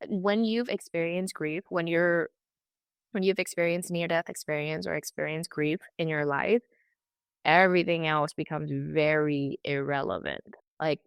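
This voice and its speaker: Interview guest, young woman, low smooth voice, halting and emotional, dry close mic. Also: steady tone, no room sound. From California. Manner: halting, emotional, many restarts and quoted asides. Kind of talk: candid personal account.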